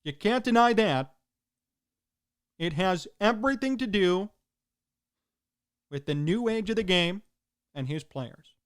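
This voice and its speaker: A man's voice: high-pitched, lively intonation, slow, long pauses, smooth. A man hosting a sports talk show, delivering an emphatic opinion monologue in punchy, repeated short sentences.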